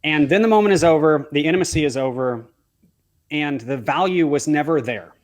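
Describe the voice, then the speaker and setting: A man's voice: a little high, a little fast. A man, a wedding photographer, telling a heartfelt story as a podcast guest, earnestly acting out the dialogue he quotes.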